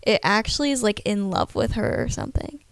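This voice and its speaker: A woman's voice: medium pitch, lively intonation, brisk, creaky, dry recording. A young woman co-hosting a podcast, chatting casually and musing on theories with lots of hedging. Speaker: podcast co-host. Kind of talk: casual chat.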